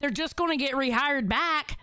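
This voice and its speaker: A woman's voice: high voice, moderate pace, bright, forceful tone, no room sound. A woman in her forties hosting a livestream, talking bluntly and with lots of swearing as she reads the chat. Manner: blunt, profane, emphatic. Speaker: show host reading chat.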